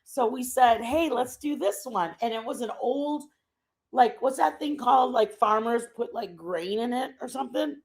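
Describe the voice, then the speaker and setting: A woman's voice: fairly high pitch, normal speed. Chatty woman telling a story. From Texas. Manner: animated, chatty, laughs often. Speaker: stream host. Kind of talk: casual storytelling chat.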